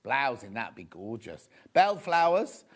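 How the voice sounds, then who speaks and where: Unhurried and sing-song, this medium-pitched man sells fabrics live on a TV shopping channel from the studio. His patter rambles on with bits of gossip thrown in.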